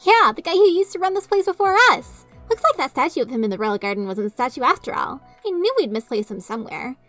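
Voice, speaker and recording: A hyper little filly princess, as a woman puts her on, shrill and sing-song over faint music. She squeals and bounces through every line with childish glee, loud and far higher than a grown voice. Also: big pitch swings, fast. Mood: excited. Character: giddy shrunken filly princess pony, female.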